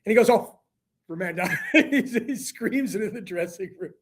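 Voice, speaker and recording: A man, a hockey broadcaster guest, telling a story on a talk show in an animated way and acting out quotes with a rising voice. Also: high-pitched, normal speed, slightly rough.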